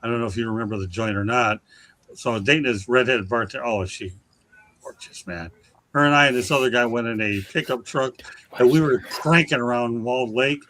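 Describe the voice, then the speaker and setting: Folksy man hosting with a bright voice. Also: mid-range voice, fairly quick, low-quality recording. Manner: boisterous, folksy storyteller. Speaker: host. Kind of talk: casual radio chat.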